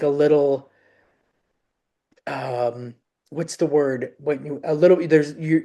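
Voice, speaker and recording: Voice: medium pitch, mellow. A podcast host chatting casually, rambling and searching for words with many fillers. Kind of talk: casual interview chat.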